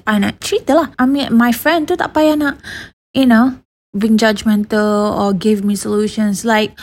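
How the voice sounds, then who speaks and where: Malaysian woman in her 30s vlogging, chatty, mixes in malay, kinda breathy and higher voice. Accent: Malaysian English. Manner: chatty, mixes Malay into English, sighs and restarts. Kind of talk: casual advice talk.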